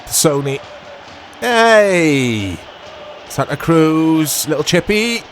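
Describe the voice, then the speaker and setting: A man commentating his own football video game play, excitable and self-mocking, shouting at big moments. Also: medium pitch, unhurried, slight background noise. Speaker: gaming YouTuber. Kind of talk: gameplay commentary.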